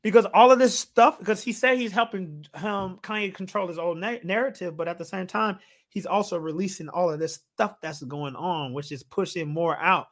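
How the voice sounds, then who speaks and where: Male podcast co-host, casual, animated storyteller who laughs a lot. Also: high-pitched, moderate pace. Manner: animated, laughing while retelling. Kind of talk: casual chat.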